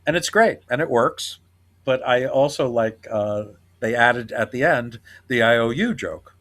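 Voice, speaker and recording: A man's voice: medium pitch, unhurried, a bit bright. A man hosting a podcast, chatting casually and laughing often as he retells scenes. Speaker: podcast host. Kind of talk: casual chat.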